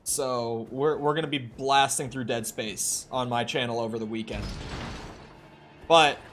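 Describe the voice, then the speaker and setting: A man's voice: medium pitch, fairly even intonation, a little slow, fairly bright tone. A man streaming a game live, chatting casually with viewers and swearing freely while he plays. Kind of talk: live gameplay commentary. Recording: faint music behind.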